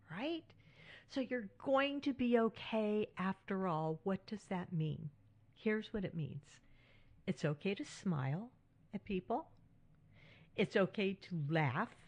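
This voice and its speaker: A middle-aged woman hosting a solo podcast, speaking frankly and reassuringly and often checking in with "right?". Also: medium pitch. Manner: warm, reassuring and frank, with frequent "right?" tags. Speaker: podcast host.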